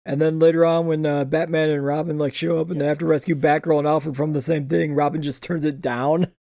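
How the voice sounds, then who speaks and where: A man with a somewhat high, gravelly voice talks through a TV episode in a loose, crude way, laughing often. His tone is dark and mellow, and the sound is close and dry. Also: little pitch movement, a little fast, dry recording. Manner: laid-back, crude, laughing. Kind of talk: casual chat reviewing a TV episode.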